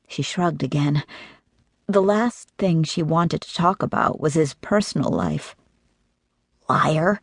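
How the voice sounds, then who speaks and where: Woman narrator, audiobook romance, low voice, slow and measured, dry close sound. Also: vocal fry, husky, no echo. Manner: measured, even reading.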